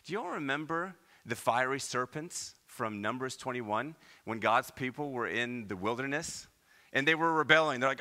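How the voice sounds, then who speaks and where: Animated preacher man from Iowa. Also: medium pitch, moderate pace. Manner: animated preaching with rhetorical questions. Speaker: pastor. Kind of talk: sermon. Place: church.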